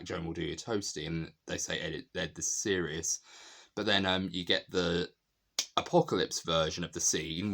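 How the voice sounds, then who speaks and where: Deep-voiced man enthusing about a film. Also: a bit bright. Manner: enthusiastic, laughs while retelling scenes. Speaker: film reviewer. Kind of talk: casual film analysis.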